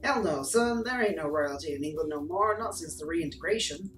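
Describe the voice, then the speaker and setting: Swaggering cowboy governor, folksy and boastful, roomy and distant, music behind. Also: male voice, a little high, expressive, fairly quick, fairly bright tone. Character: brash cowboy-style American governor, self-important. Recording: roomy, distant sound under background music.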